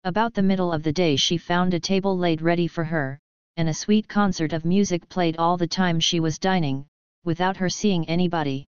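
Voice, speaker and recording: A woman narrating a fairy tale audiobook in an even, measured way. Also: lowish voice, clear, resonant tone, no room sound, muffled recording. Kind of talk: storybook narration.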